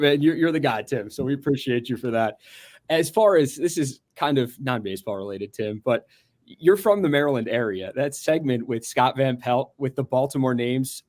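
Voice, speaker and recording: A male co-host chatting in a casual sports interview. He sounds upbeat and talkative in a mid-range voice. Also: mid-range voice.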